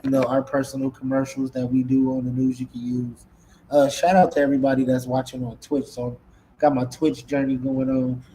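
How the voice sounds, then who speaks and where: A man's voice: mid-range voice, completely flat delivery, fairly quick, dark tone, a little hiss or hum, rough recording. A man hosting a casual live-stream podcast in a laid-back way, often repeating his words. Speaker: podcast host.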